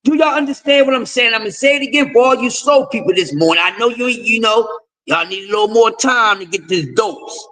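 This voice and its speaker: Male stream host, very high-pitched, profane lecturing rant. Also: animated, fairly quick, pushed and bright, poor audio. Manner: profane, confrontational, lecturing with repeated refrains. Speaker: host of a boxing talk stream. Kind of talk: ranting commentary.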